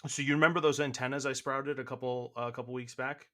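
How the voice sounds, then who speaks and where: A man's voice: medium pitch, fairly even intonation, fast talker, fairly bright tone. A young man co-hosting an improvised comedy podcast, rambling and laughing, often cutting himself off, a bit out of breath. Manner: rambling, self-interrupting, laughing. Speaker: co-host.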